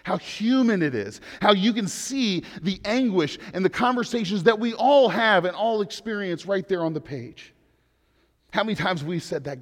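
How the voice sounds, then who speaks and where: A man preaching a sermon in an earnest way, rising to loud pleading and dropping to hushed lines. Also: high voice, expressive, moderate pace, in a large hall. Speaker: pastor.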